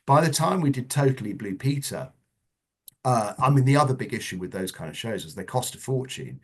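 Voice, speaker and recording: A middle-aged man, a guest in a casual interview, telling anecdotes in a chatty way with lively asides. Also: medium pitch, a little fast. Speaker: interview guest, former children's TV producer.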